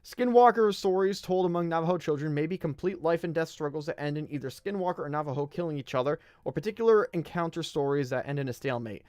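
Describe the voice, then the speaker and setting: A man's voice: on the high side, fast talker, few pauses, darkish tone, smooth, dry recording, clean studio sound. Young man hosting a casual stream. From United States. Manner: reads aloud, stumbles over words, digresses jokingly. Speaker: podcast host. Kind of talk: casual live-stream reading and commentary.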